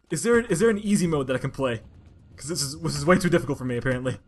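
A woman giving casual commentary over a platformer, talking to herself in frustration and bursting into loud complaints. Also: low-pitched, animated, very fast, breathy edge, soft background music. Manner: exasperated, frustrated self-talk that bursts into loud outbursts. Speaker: let's play gamer.

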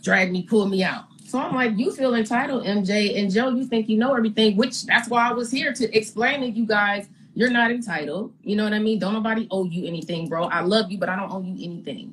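A young adult woman tells her side of a falling-out with blunt, slangy candor at a middle pitch. She jumps into little re-enactments of what she said and thought, and a faint hiss sits under the recording. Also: low-quality recording. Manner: animated, re-enacts her own and others' words, blunt slang. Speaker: reality TV personality giving her side. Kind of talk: candid storytelling interview.

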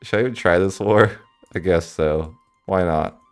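A man's voice: low-pitched, normal speed, smooth. A man giving casual, thinking-aloud commentary while playing a strategy game, with sudden exasperated outbursts.

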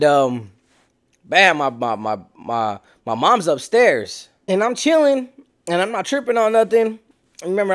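A young man casually telling a story in an animated, slangy way, acting out sounds and voices. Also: a little high.

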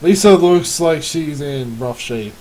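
A man's voice: a little high, animated, slow pace. Game master man laughing, faint hiss. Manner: laughs often, many fillers. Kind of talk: narrating a tabletop game.

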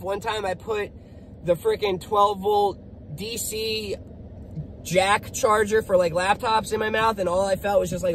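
High-voiced, blunt, swearing tradesman. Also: a little hiss or hum, poor audio. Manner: blunt, profane, boastful and upbeat. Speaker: generator technician and small business owner. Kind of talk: casual motivational vlog.

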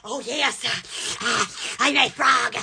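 A woman's voice: fairly high pitch, slow pace, heavy background noise. A woman with a Southern US accent hosting a silly phone livestream, giddy and laughing, full of squeals and exclamations. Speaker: livestream host. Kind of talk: silly livestream chat with face filters. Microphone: phone held close.

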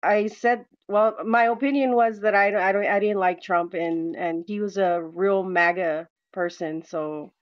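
A woman calls in to a casual discussion and speaks hesitantly, halting and restarting. Her pitch is mid-range. The audio is dull and lo-fi. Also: fairly even intonation. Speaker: caller.

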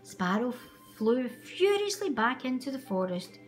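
Animated woman reading a children's story. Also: on the high side, a little slow, faint music behind. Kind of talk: children's story read aloud.

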